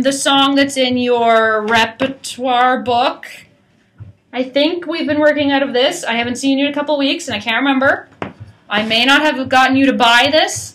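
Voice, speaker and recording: A woman coaching a single student through a singing lesson, her speaking voice high and very bright. She explains each point, breaks into sung demonstrations, and keeps checking in with a quick "right?". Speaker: voice teacher.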